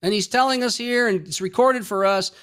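A man's voice: high voice, brisk, a bit bright, clear, resonant tone. A male pastor preaching a sermon in a folksy, joking way, acting out everyday conversations.

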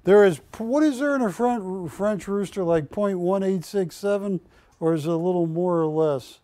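Man, shopping TV host, live sales pitch, joking and pushy, dry close sound. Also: moderate pace, mellow, no echo.

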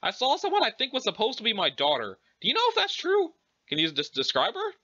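Heavily acting it out, a man reading a webcomic voices a teenage girl who is brash and teasing, uses loose slang, and keeps pushing for answers, sounding casual and curious. Her high voice swoops wildly in pitch and moves quickly, bright and forceful in tone. It comes through a dry, dull, lo-fi recording.

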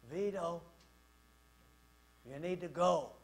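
Hushed low mother calling, drowsy, a man putting it on. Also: slow pace, rough recording. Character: sleepy middle-aged mother calling from upstairs.

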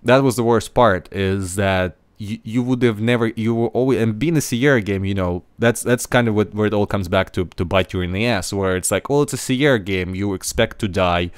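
A man with a lowish, smooth, resonant voice chats casually as a podcast host. He talks in halting runs, restarting and repeating words as he searches. The sound is dry and close, with no room around it. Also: steady tone, no room sound.

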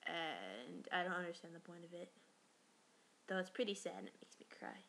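A woman's voice: fairly low pitch, very animated, normal speed, sharp tone, a little hiss or hum. A teenage girl from New York talking casually in a rambling, chatty way, swearing now and then. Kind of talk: casual voice meme monologue.

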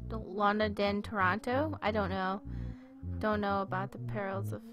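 A woman's voice: medium pitch, fairly even intonation, moderate pace, over music. A woman streaming a game, rambling through awkward, self-deprecating commentary. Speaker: let's play streamer.

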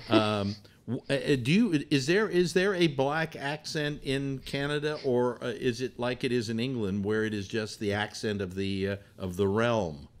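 A man hosting a casual call-in show, rambling and halting with many restarts. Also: mid-range voice. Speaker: host.

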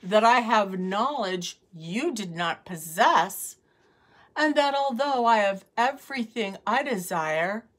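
A woman voicing a calm, clever young princess in a storybook reading, speaking quietly and humbly. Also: mid-range voice, natural voice.

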